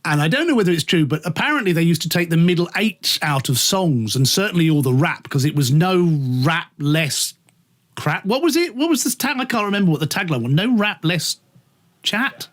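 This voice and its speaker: A man who works as a radio presenter, telling stories as a guest in a casual chat, animated, laughing often and swearing freely. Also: fairly high pitch, fairly quick.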